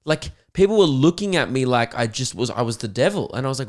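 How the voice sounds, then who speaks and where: A young man, hosting a casual podcast and telling lively stories, acting out the voices of the people in them. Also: a little high, quick pace, few pauses. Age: young adult. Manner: animated storyteller who acts out voices of others. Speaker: podcast host and comedian.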